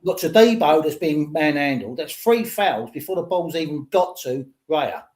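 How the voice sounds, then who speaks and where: A man's voice: on the high side, expressive, moderate pace, darkish tone. An older man, a podcast host giving rambling, opinionated football talk. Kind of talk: casual football chat.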